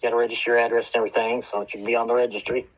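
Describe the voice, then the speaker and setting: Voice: mid-range voice, flat delivery, very fast, dull audio. A co-host on a chat show, mostly agreeing in short replies with the odd dry joke. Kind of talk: casual chat show banter.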